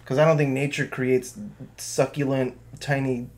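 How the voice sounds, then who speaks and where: A man co-hosting a podcast, steering the casual chat with questions and quick bursts of speech. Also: mid-range voice, level tone, a little mellow. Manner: steers the talk, quick bursts, easy laughter. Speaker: podcast co-host.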